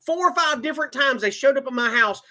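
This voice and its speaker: Man, very high pitch, sharp bright tone, agitated emotional monologue, stumbles and repeats. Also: expressive, quick pace. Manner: agitated, repeats words, swings from shouting to low muttering. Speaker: vlogger telling his own story.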